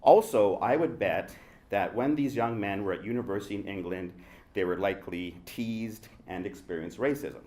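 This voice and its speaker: Man, low voice, from the Indian subcontinent, actor on a panel, prepared speech, reflective, rhetorical questions. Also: normal speed, darkish tone. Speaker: actor speaking on a festival panel. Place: room with a live audience.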